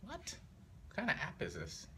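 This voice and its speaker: A woman's voice: on the low side, wildly swooping pitch, moderate pace, bright, forceful tone, slight background noise. A middle-aged woman and mother joking around in a casual family vlog, playful and teasing. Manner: playful, joking, sings off-key. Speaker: vlogger, mother.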